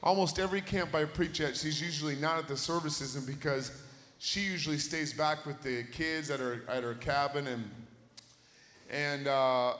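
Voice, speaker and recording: Male camp preacher with a high, bright voice; animated storyteller who swings between shouts and hushed asides; long hall reverb. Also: moderate pace. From United States. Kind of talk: storytelling sermon.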